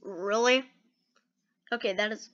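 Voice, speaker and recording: Talking at a slow pace with a medium pitch, a woman gives chatty, excitable reactions while hosting a gaming video. "Okay" and "dude" come up constantly, and the sound quality is lo-fi.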